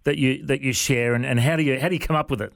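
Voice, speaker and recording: A man's voice: mid-range voice, fairly even intonation, fast talker, gravelly, no room sound, studio quality. A man interviewing a guest, curious and repeating words as he forms his questions. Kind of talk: conversational interview.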